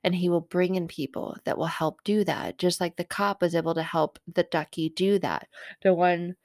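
A middle-aged woman and mother telling a personal faith story as a podcast host, rambling and animated and often correcting herself. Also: fairly low pitch, no room sound, clean studio sound.

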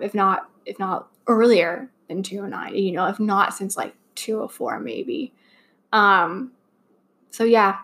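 Rambling young woman podcaster, heartfelt. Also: medium pitch. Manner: rambling, heartfelt, many fillers and restarts. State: slightly choked up. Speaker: podcast host. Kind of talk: casual fan podcast monologue.

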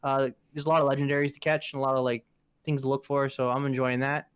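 A man's voice: medium pitch, flat delivery, fast, clean tone, dry recording. A man co-hosting a podcast, chatting casually about games in a rambling way, with plenty of fillers and restarts. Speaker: podcast co-host.

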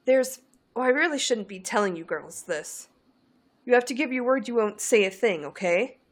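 A woman's voice: fairly high pitch, lively intonation, normal speed. A woman reading the lines of a boastful, gossiping teenage boy wizard in a fan story. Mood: conspiratorial. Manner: conspiratorial, bragging storyteller.

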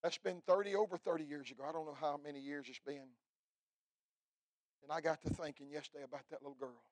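Fiery preacher, shouting and hushed. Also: male voice, fairly high pitch, steady tone, fast, no room sound. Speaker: pastor. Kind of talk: fiery revival sermon.

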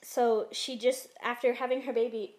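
A young woman chatting casually, gushing and excitable, full of fillers. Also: on the high side, moderate pace. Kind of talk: casual chat.

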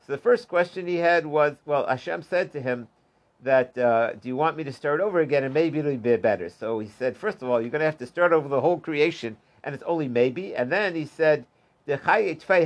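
A man teaching a Talmud class in a relaxed way, reading short lines aloud, explaining them in plain terms and chuckling at the stories. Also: fairly high pitch, fairly quick, muffled recording. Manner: retells stories line by line with loose asides and chuckles. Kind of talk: casual Talmud class storytelling.

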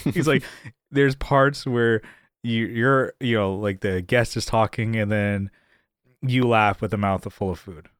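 A man's voice: lowish voice, a little slow, no room sound, studio quality. A man co-hosting a podcast in casual chat, retelling stories and acting out the quotes in raised voices. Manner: animated storyteller, acts out quotes in raised voices. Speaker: podcast co-host.

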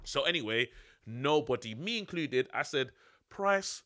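Young man, lively pitch, dry close sound, podcast banter. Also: unhurried, no echo. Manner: animated, joking, London slang. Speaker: podcast co-host. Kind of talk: casual banter about boxing.

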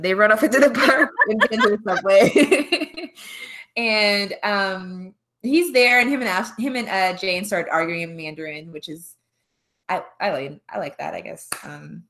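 A woman's voice: medium pitch, moderate pace, fairly bright tone. A young woman co-hosting a podcast, recapping a film plot in rambling casual chat, full of "um" and "like" fillers. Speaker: podcast co-host.

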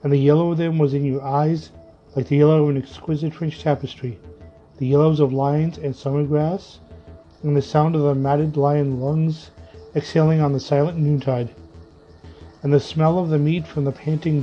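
A man reading a story aloud in a slow, vivid, measured way. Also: on the high side, steady tone. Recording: muffled lo-fi with faint music.

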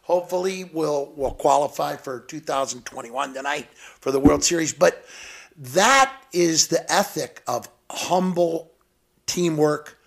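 A man from Southeast Missouri telling stories in a lively, laughing way as a guest on a chat show. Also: a little high, measured pace, creaky. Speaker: motivational speaker and guest. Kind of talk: animated storytelling chat.

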